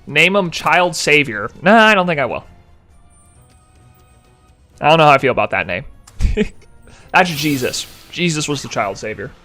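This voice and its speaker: A man's voice: fairly high pitch, big pitch swings, normal speed, long pauses, sharp tone, faint music behind. A young man chatting casually with his live-stream chat, rambling and joking as he reads messages aloud.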